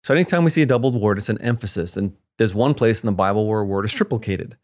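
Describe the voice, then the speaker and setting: A man co-hosting a Bible discussion, explaining word meanings with emphatic, animated delivery and playful asides. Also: fairly low pitch, quick pace. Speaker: co-host of a Bible teaching show.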